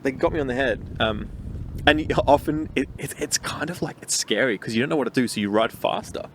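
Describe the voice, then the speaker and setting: A man co-hosting a podcast, chatting casually and telling animated stories with many restarts, recorded outdoors. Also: mid-range voice, a little fast. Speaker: podcast co-host. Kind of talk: casual chat. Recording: outdoor recording with faint background noise.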